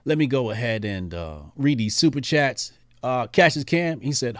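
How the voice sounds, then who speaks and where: A man's voice: mid-range voice, animated, normal speed. A man hosting a livestream, reading viewer messages in a laid-back, rambling way with many fillers. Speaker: livestream host.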